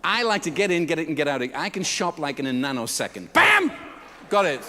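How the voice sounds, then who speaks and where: A man's voice: fast talker, a crowd in the background, background noise. A man giving a comedic storytelling talk to a live audience, acting out the people in his stories with big jumps in his voice. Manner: animated, acts out customers and staff with big pitch jumps. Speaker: keynote speaker. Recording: reverberant hall.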